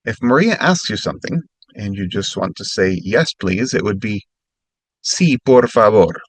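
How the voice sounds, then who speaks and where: A man teaching phrases as a language lesson, speaking slowly and carefully and repeating each phrase more slowly. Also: on the low side, lively intonation, husky, no room sound. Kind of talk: instructional narration.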